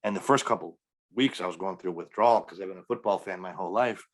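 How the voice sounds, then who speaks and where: A man's voice: low voice, fast. A middle-aged man, a stand-up comedian, telling a long story in a podcast interview and acting out the dialogue with energy. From Milwaukee area, US.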